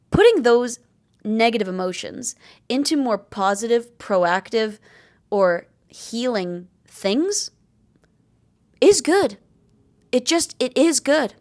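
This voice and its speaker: A woman's voice: on the high side, lively intonation, a little slow, darkish tone. A young adult woman vlogger giving candid, blunt advice on living with chronic illness, swearing freely and stressing her points. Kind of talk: candid talking-to-camera advice.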